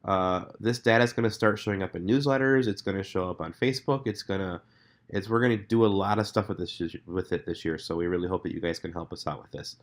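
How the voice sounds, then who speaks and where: A man's voice: sits low, fast talker. A man with a cold and a nasal voice, casually walking quiz hosts through a scoresheet with lots of ums and uhs. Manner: relaxed, filler-heavy, conversational. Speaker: staff member explaining a scoresheet to quiz hosts. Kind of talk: casual screen-recorded walkthrough.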